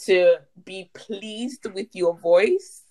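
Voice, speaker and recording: A woman's voice: medium pitch, lively intonation, extremely slow, dark tone. A young adult woman co-hosting a podcast, emphatic and laughing often in casual chat. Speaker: podcast co-host.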